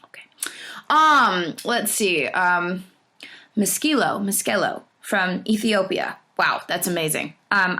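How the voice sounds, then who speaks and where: A woman's voice: on the low side, lively intonation, slow pace, pushed and bright. A woman who is a singer and actress, answering fan questions in a casual, bubbly way that rambles, with many restarts.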